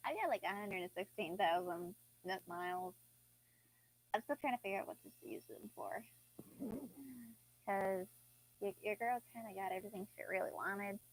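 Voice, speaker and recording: A woman's voice: mid-range voice, no room sound, poor audio. A young woman chatting casually and drowsily while she plays a life-sim game, now and then yawning. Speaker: gaming vlogger. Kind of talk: casual gameplay commentary.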